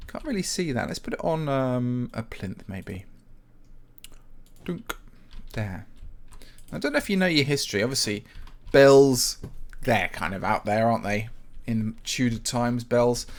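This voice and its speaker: A man hosting a casual live stream, chatting with viewers while he builds in Minecraft. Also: mid-range voice. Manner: chatty and rambling, greets viewers by name, frequent ums. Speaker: livestream host, Minecraft map builder.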